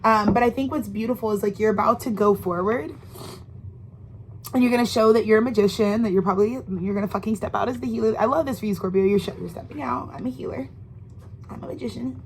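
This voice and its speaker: A woman's voice: mid-range voice, quick pace, slight background noise, rough recording. A woman giving a casual tarot reading, talking straight to the listener in a rambling, emphatic and profane way, full of slang and restarts. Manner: slangy, intimate direct address to the listener. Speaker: tarot reader.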